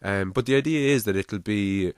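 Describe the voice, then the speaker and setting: A man with a Navan Irish accent talks casually as a podcast host, cursing and restarting as he thinks out loud. His voice sits very low. The sound is dry and close, with no room behind it. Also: moderate pace, smooth, no room sound. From Ireland.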